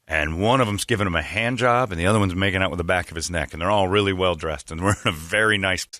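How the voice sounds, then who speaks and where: On a sports radio show, a low-pitched man talks fast as he spins a long, rambling story, quoting the people involved in animated voices. The sound is clean studio audio with no echo.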